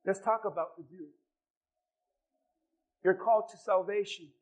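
A man, a pastor, preaching a sermon and telling personal stories, acting out the quoted voices with lively swings in loudness. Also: sits high, measured pace. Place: church.

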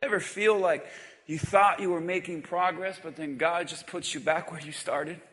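A man's voice: on the high side, steady tone, normal speed, a bit bright, long reverb tail. A man preaching a sermon in church, impassioned, with repeated refrains. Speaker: pastor.

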